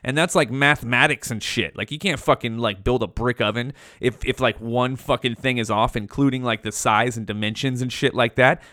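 A man's voice: medium pitch, fairly quick, few pauses, bright, forceful tone, dry recording, studio quality. A man hosting his own show, talking in a rambling, profane, slangy monologue. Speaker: podcast host.

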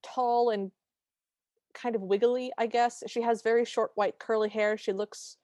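A woman's voice: a little high, steady tone, measured pace, darkish tone, no room sound, clean studio sound. Wry chatty woman podcast host. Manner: wry, chatty, detailed recaps. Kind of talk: casual chat.

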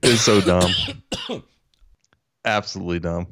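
A man's voice: low voice, a little slow, fairly bright tone. A man co-hosting a podcast, chiming in with short, easygoing agreements during a casual movie chat. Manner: brief agreeing replies, easygoing. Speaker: podcast co-host.

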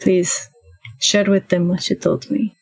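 A woman player speaking formally and deliberately in character in a tabletop role-play. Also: mid-range voice, level tone, slightly rough, low-quality recording.

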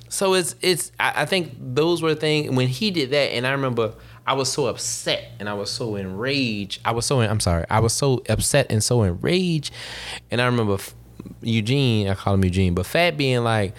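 A man in his thirties talking in a casual chat, rambling and halting, restarting his sentences. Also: medium pitch. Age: 30s.

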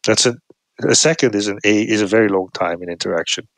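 A middle-aged man with a low voice talks through his research in a relaxed, thoughtful way, often breaking off and restarting phrases. The recording is dry and close, with no room sound. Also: fast talker, no echo. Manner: thoughtful, restarts phrases, acts out quoted replies. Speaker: guest researcher. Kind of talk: casual academic explanation.

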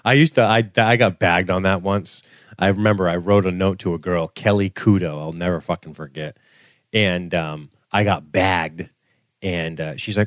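A man co-hosts a podcast, casually recapping a TV episode, laughing a lot and swearing freely. His voice is low with fairly even intonation and a moderate pace, recorded with clean studio sound and no echo.

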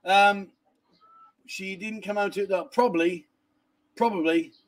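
A middle-aged man with a notably high-pitched voice, chatting casually on a livestream. He banters cheekily with viewers as he works through their comments, sounding short on sleep. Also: fairly even intonation, a little slow. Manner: cheeky, banters and laughs while reading comments. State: tired from lack of sleep. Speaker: livestream host.

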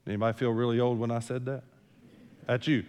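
A man's voice: mid-range voice, little pitch movement, fast talker, darkish tone, smooth, in a large hall. An older man preaching a sermon as senior pastor, talking in a conversational way with joking asides and repeating words as he starts a thought. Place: church sanctuary.

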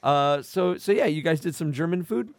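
A man's voice: fairly high pitch, normal speed, no room sound, clean studio sound. A young man co-hosting a podcast, chatting casually about a film, telling stories and slipping into sing-song jokes. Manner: joking, tells anecdotes, bursts into sing-song bits. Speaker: podcast co-host.

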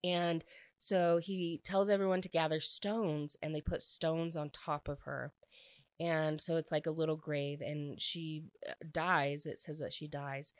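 Woman, low voice, casual rambling book recap, dry close sound. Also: no room sound. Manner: rambling, frequent "like" fillers. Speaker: book reviewer.

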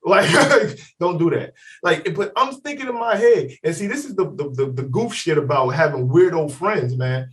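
A man's voice: fairly high pitch, normal speed, few pauses, distant mic. A man co-hosting a podcast, telling a story in casual chat, swearing freely and acting out what people said. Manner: animated, profane, acts out quotes. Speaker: podcast co-host.

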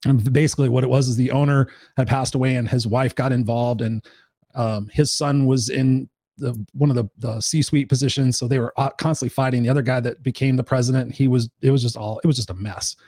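Guy coach rattling off a work story fast, mellow voice, acts out the dialogue, curses a lot. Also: mid-range voice, no room sound. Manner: animated, acts out dialogue in voices, swears freely. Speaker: business coach. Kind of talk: casual storytelling.

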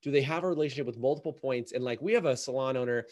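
A man who coaches salon owners talks in a casual podcast conversation, emphatic and animated, acting out little quoted voices. His voice is mid-range and he's racing along.

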